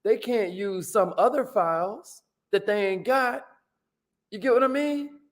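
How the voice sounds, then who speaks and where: A man with a voice that sits high leads a live motivational stream at a slightly slow pace. Upbeat and informal, he greets people by name and returns to his central lines again and again.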